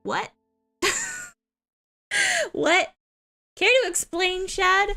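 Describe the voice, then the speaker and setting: A woman's voice: extremely high pitch, extremely slow, gravelly, sharp tone, faint music behind. A woman streaming as a VTuber, chatting casually and giggling, with playful whiny complaints. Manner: giggly, rambling, playful whining. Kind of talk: casual live-stream chat.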